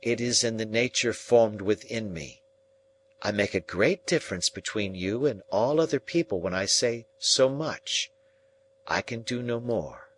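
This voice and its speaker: A man's voice: on the low side, measured pace, a little hiss or hum, lightly acted, low-quality recording. A man reading the part of a cold, proud young woman who speaks with cool contempt, in a storybook reading.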